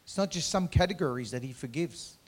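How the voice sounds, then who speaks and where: Guy preaching a sermon, earnest, gets loud then drops quiet and chatty, stretches words out. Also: fairly high pitch, animated, fairly quick, husky. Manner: earnest, swings from loud emphatic to quiet conversational. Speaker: pastor.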